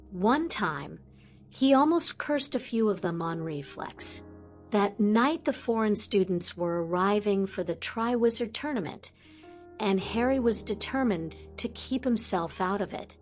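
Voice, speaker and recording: Slow-reading woman audiobook narrator. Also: medium pitch. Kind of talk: fan fiction audiobook narration.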